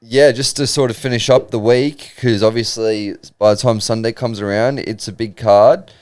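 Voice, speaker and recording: A man's voice: mid-range voice, steady tone, normal speed, a little mellow, clean tone, no room sound. A young Australian man co-hosting a podcast, chatting in a rambling, laid-back way. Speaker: podcast co-host. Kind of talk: casual chat.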